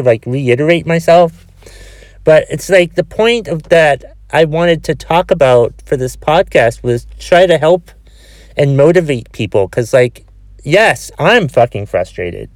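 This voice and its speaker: A man hosts a solo podcast while sick with a cold and a cough, his voice a little high and slightly mellow with no echo. Frustrated, he swears heavily and rambles, often restarting his sentences.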